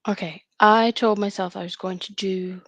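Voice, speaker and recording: A woman's voice: medium pitch, steady tone, moderate pace, a bit bright, no room sound. A woman, hosting a live writing stream and chatting casually as she thinks aloud. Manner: chatty and rambling, thinking aloud between tasks.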